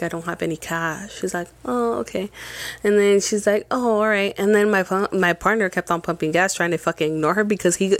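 Animated swearing woman telling a ghost story. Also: on the low side, dry recording. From Mexico. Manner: animated, swears often, mixes in Spanish phrases. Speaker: podcast co-host. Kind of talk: casual storytelling chat.

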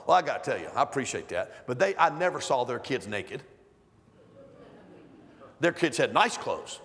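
A middle-aged male guest preacher giving a conversational sermon full of stories, building to loud, emphatic stretches. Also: mid-range voice, big pitch swings, normal speed, pauses often. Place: church sanctuary. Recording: long hall reverb.

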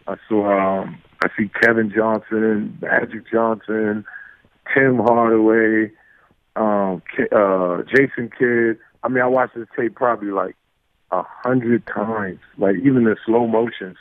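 A man's voice: fairly low pitch, dry recording. New man telling stories down a tinny line. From New York. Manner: animated, acts out quoted exchanges, many fillers and restarts. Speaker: guest. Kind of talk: casual storytelling. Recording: tinny phone-like line, dry.

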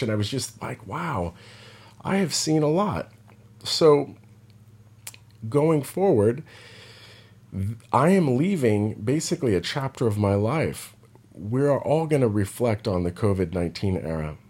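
A man's voice: lowish voice, darkish tone. A man telling a story in a casual, reflective monologue, rambling with many restarts and repeated words.

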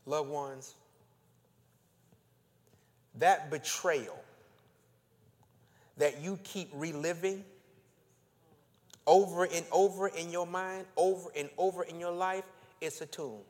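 A male pastor preaching a sermon, leading his congregation in call and response with slow, drawn-out emphasis. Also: a little high, a little mellow. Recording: long reverb of a church hall.

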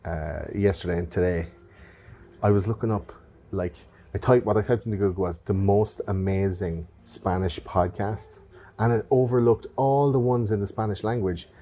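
A man's voice: lowish voice, steady tone, normal speed, mellow, a little hiss or hum. A man hosting a podcast, chatting loosely with sarcastic jokes and swearing. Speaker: podcast host. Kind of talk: casual podcast chat.

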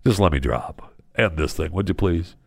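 A man's voice: a bass voice, fairly even intonation, a little fast, slight background noise, pitched below the performer's own voice. A man playing a worn-out, fed-up husband. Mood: pleading. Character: fed-up middle-aged husband begging to be dropped.

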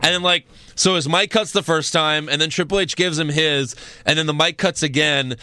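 A man co-hosting a loose, profane chat, with a bright, fairly high voice. He rambles and laughs at his own stories. The sound is close and dry, with no room around it. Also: normal speed, clean tone, no echo. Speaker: podcast co-host. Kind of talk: casual wrestling chat.

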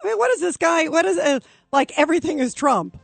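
Lady radio host, high pitch, fired up and emphatic, dry close mic. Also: lively intonation, fast talker, creaky, dry recording, soft background music. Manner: emphatic, indignant. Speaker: radio talk show host. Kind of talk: talk radio, taking calls.

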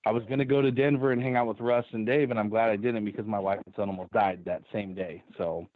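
A man's voice: on the low side, fairly even intonation, fast, no echo. A man co-hosting a podcast in casual chat, laughing through his stories. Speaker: podcast co-host. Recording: tinny phone-like line.

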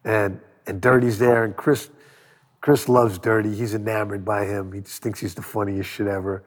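Husky-voiced man telling wild stories. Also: lowish voice, normal speed, long reverb tail. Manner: animated storyteller, acts out quotes, swears freely. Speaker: record producer guest. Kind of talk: storytelling interview.

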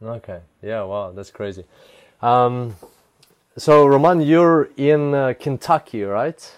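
A man's voice: medium pitch, slow pace, smooth, dry recording. A man hosting a podcast, a native Russian speaker, talking with eager energy and lots of fillers like "like". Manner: enthusiastic, filler-heavy, says "like" often. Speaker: podcast host. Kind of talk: podcast intro and interview.

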